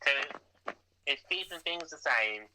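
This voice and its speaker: A man's voice: on the high side, animated, slow, heavy background noise. A man chatting casually about a TV series, hesitant and stumbling over his words. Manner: hesitant, full of stammers and restarts. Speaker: podcast co-host reviewing a TV series. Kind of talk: casual chat.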